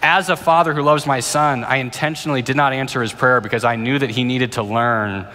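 A man's voice: mid-range voice, steady tone, brisk, sharp tone. A male pastor in his thirties preaching and answering questions in an earnest, conversational way, often restarting phrases. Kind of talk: sermon with Q&A. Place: church auditorium. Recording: reverberant church hall.

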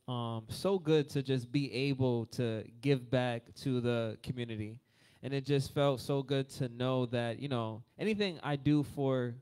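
Slow, smooth-voiced man emceeing church. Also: mid-range voice, darkish tone. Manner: upbeat, rallying the congregation. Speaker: service emcee. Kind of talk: church service testimony. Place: church sanctuary.

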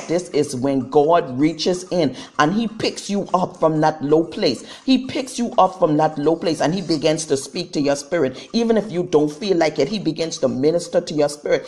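A woman's voice: low voice, a little mellow. Fervent woman preaching a live testimony. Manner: fervent, repetitive preaching with many fillers. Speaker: prophetess. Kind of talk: live-streamed testimony sermon.

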